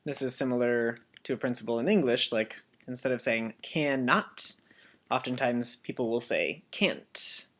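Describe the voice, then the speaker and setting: Teacher voice-over, very slow unhurried delivery, mid pitch, careful repetition of words, close mic. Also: fairly bright tone. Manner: deliberate, repeats each Greek word for drilling. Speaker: Biblical Greek teacher.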